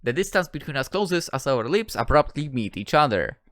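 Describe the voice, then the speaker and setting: A man narrating a first-person story in an expressive, conversational reading style. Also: mid-range voice, moderate pace, no echo, studio quality.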